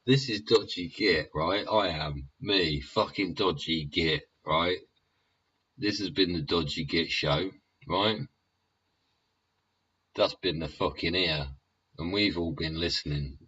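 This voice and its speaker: Deep, slow, swearing man. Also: pushed and bright, a little hiss or hum. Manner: rambling, profane, keeps tagging lines with "yeah?". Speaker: YouTube show host. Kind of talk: sweary ranting monologue. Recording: dull lo-fi recording.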